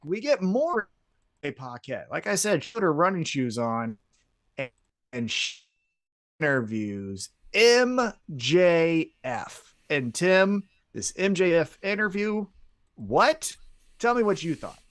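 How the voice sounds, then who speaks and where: A man recapping a wrestling show for his co-host, in a voice a touch higher than most men's. His pitch moves a lot as he acts out what the wrestlers said. He keeps it casual and conversational. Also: takes it slowly. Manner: recaps events, acts out quotes in a lively way. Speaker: podcast co-host.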